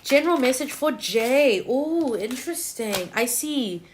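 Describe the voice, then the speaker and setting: Blunt chatty woman, slightly high. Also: animated, a little slow, slight background noise. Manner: blunt, chatty, peppered with "lah" and "leh" particles. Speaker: tarot reader. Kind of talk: livestream tarot reading, chatting with viewers.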